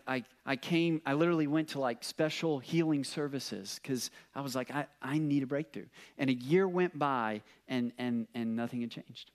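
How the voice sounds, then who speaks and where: A young adult man, a pastor, preaching a sermon as an earnest personal story, often restarting his words. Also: medium pitch.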